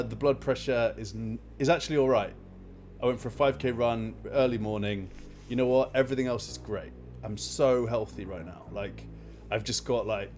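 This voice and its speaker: A man hosts a casual live stream at a mid-range pitch, his voice jumping up as he tells an exasperated story. He rambles with lots of filler words, and faint music plays underneath. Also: darkish tone.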